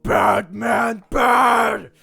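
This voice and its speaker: A man voicing a dim, brutish male troll in a tabletop game, with childish shouted outbursts. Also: extremely high pitch, steady tone, extremely slow, creaky, slightly rough, voice pushed up, heavily acted. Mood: whiny shouting.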